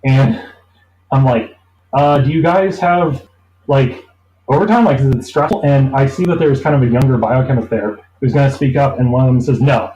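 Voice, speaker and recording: A man's voice: mid-range voice, a little fast, mellow. Rambling man telling a story. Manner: rambling, acts out quoted people. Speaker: interview guest. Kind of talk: casual storytelling. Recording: roomy echo.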